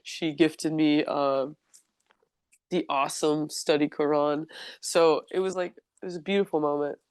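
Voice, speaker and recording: A woman's voice: sits low, fairly even intonation, unhurried, a little mellow, clear, resonant tone, dry recording, studio quality. A young woman telling her own story in a casual interview, chatty and openly emotional, filling her sentences with "like.". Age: young adult.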